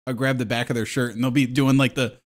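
A man's voice: medium pitch, fast talker. A man in his thirties chatting casually on a podcast, telling stories with lots of laughter. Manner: laughing, animated storytelling. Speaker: podcast co-host. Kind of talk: casual chat.

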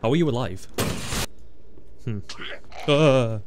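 A young man chats casually over his gameplay, mid-pitched and quick to burst into laughter or startled yelps. His talk is loose and full of swearing, with a light hiss in the background. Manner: excitable, swearing, laughing often, yelps at surprises. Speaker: gaming video host.

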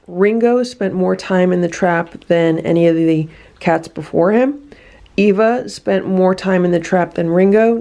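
A woman filming a cat vlog, explaining feral cat trapping and softly coaxing a trapped cat to relax. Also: lowish voice, gravelly. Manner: soothing, coaxing baby talk to a trapped cat. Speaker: cat rescuer vlogger. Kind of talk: casual vlog narration and talking to a cat.

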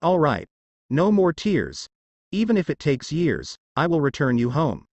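A man's voice: on the high side, big pitch swings, measured pace, darkish tone, no room sound, lo-fi sound, exaggerated voice. A man doing an earnest teenage boy ninja. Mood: resolute. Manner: earnest, pleading.

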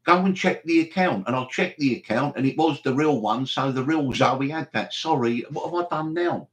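A man's voice: medium pitch, normal speed. A man hosting a live stream, rambling and chatty, with mock exasperation. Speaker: livestream host.

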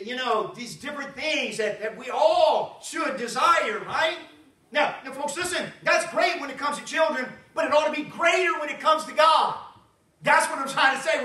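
A man pastor, preaching a folksy, animated sermon with frequent asides to the congregation. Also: very high voice. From Southern United States. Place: church sanctuary. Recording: roomy church sound from a distance.

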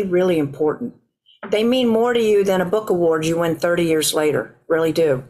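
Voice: mid-range voice, animated, moderate pace, darkish tone. Hesitant, reflective author answering questions. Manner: hesitant, many restarts and ums.

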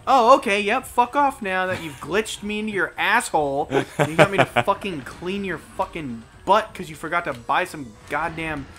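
Bright, lively young man swearing at a game. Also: sits high, normal speed, hardly any pauses, soft background music. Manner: profane, exasperated ranting at the game. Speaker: let's play co-host. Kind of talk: gaming commentary.

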